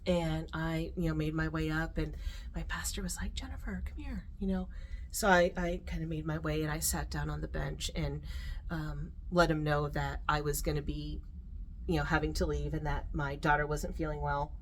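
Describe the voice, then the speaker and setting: A middle-aged woman telling a personal story in a heartfelt, rambling way, with restarts and soft laughs. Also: low voice, little pitch movement, moderate pace, slight background noise. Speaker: vlogger.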